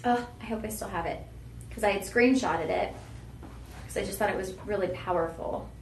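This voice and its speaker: A woman's voice: medium pitch, normal speed. A woman hosts a live shopping stream in a chatty, heartfelt way, calling her viewers "y'all". Her voice sits mid-range and carries the echo of a roomy studio over a faint hum of background noise. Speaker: shopping channel host.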